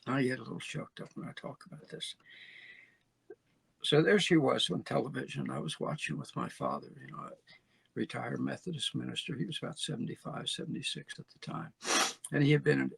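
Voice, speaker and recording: Gravelly-voiced male host. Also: mid-range voice, animated, a little fast, fairly bright tone, dry recording. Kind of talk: commentary.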